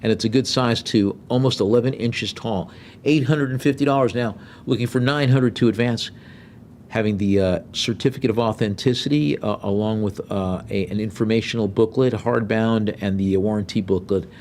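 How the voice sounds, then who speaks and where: A middle-aged man working as an auctioneer, calling bids briskly with joking asides. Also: fairly low pitch, darkish tone, a little hiss or hum.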